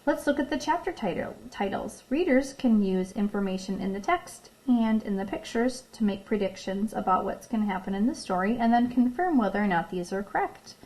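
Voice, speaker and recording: A woman teacher reading a picture book aloud in a recorded lesson. She reads expressively, stops to ask questions and tells the children when to pause. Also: mid-range voice, animated, a little mellow, a little hiss or hum, rough recording. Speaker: elementary school teacher.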